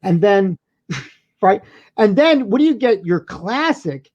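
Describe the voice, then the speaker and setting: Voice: medium pitch, big pitch swings, slow, darkish tone, lo-fi sound. Rambling, swearing podcast co-host. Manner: rambling, swearing, lots of restarts. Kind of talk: casual movie review chat.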